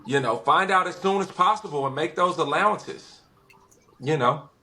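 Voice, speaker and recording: A man's voice: on the high side, moderate pace, a little hiss or hum. A man from West Los Angeles, a podcast guest, telling stories casually and acting out what people said. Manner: animated storyteller, acts out quotes. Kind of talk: casual conversation.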